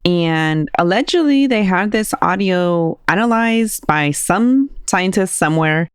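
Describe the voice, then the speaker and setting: A woman hosting a podcast, telling a story in a loose, chatty way and sprinkling in filler words as she goes. Her voice sits a little low. The sound is dry and close, with no room around it. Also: animated, a little slow, clear, resonant tone, no echo. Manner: chatty, laughs often, many "like" fillers. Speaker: podcast host. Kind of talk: casual chat, retelling a story.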